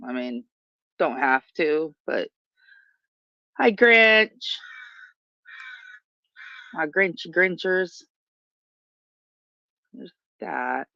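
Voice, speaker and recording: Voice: medium pitch, animated, extremely slow, creaky, pauses often, dry recording, muffled recording. A livestream host chatting casually outdoors in a yard, rambling and often trailing off mid-thought, recorded on a phone. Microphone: phone camera.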